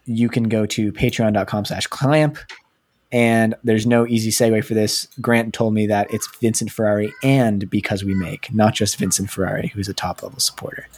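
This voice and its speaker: A man's voice: fairly low pitch, darkish tone. A man hosting a podcast, talking loosely in a casual, self-deprecating way. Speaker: podcast host.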